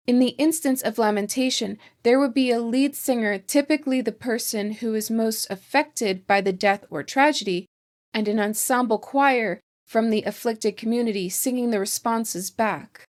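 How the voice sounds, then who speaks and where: A woman hosting a language channel, reading a scripted lesson in a measured, precise way. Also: fairly high pitch. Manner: measured, precise explanatory delivery. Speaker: etymology channel host. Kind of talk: scripted educational narration.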